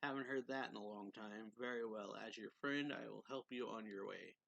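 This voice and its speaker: Man reading proud lion beast, formal, stiff, low, gravelly. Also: moderate pace, a bit bright, no echo.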